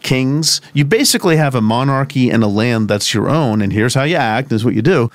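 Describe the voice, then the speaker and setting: A man's voice: mid-range voice, animated, a little fast, no echo. A man co-hosting a podcast, talking through biblical theology in a thoughtful, rambling way with restarts and asides. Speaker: podcast co-host. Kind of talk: conversational theology discussion.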